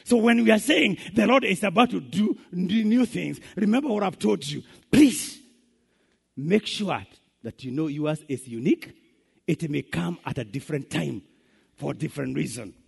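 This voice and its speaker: A man's voice: on the high side, vocal fry, slightly rough. A man with a Kenyan accent preaching a sermon, emphatic and switching between English and Swahili.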